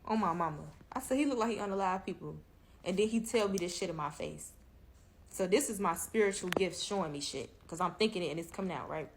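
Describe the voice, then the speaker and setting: A woman, telling a creepy dating story in a casual, animated, profane way and talking straight to her listeners. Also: fairly low pitch, brisk, a little hiss or hum. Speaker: storyteller in a reaction clip.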